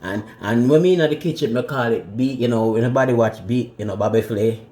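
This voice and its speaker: A man's voice: mid-range voice, fairly quick, dark tone. A man with a Jamaican accent, chatting casually as he cooks in his home kitchen, laid-back and laughing often. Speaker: home cook and channel host. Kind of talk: casual cooking vlog. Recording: echoey kitchen with running water. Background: dishes clinking and tap running.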